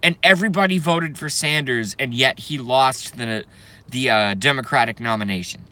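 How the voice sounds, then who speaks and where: Sharp-voiced man in a heated rant. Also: medium pitch, normal speed. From United States. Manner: profane, heated, bursts of shouting. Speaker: vlogger. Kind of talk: angry political rant.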